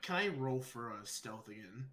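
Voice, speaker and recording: Nervous hushed male player. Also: medium pitch, expressive, normal speed, a crowd in the background. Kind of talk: tabletop role-play.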